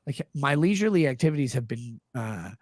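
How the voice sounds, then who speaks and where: A man's voice: medium pitch, lively intonation, brisk, darkish tone, no room sound, clean studio sound. A man in his thirties hosting a casual live-stream chat, earnestly and defensively explaining himself at length. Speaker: show host.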